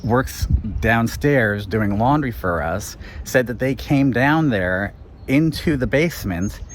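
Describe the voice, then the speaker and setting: A man of middle pitch hosting a casual vlog from his guesthouse, talking in an easy, chatty way. He tells his stories with lively animation and laughs as he goes. A faint hum of noise sits under his voice. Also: slow pace. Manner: chatty, animated storyteller who laughs mid-story. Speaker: guesthouse owner and vlog host.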